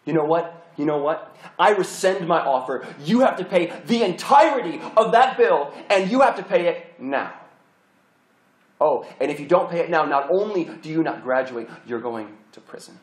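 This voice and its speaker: Stern, quiet-spoken woman college president, as a preacher acts her out, told in an echoey hall. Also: on the high side, expressive, moderate pace, natural voice. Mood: cold anger. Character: stern female university president. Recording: roomy hall echo.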